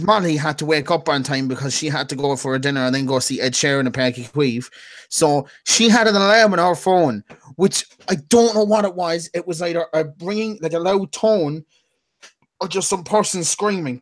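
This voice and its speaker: Chatty guy telling a long story. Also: fairly high pitch. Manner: swearing, rambling storyteller. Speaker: podcast co-host. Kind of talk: casual chat.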